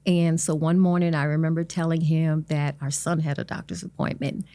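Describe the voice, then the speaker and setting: Earnest woman telling her story, low voice. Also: flat delivery, warm tone, no room sound. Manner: earnest, halting, with many restarts and "you know". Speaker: interview guest. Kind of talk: personal storytelling in an interview.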